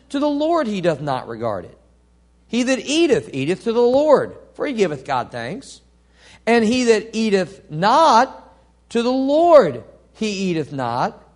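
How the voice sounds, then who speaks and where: A man preaching a sermon, reading scripture aloud and asking the congregation questions, swinging from soft to loud. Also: high voice. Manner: reads scripture aloud, asks the congregation call-and-response questions.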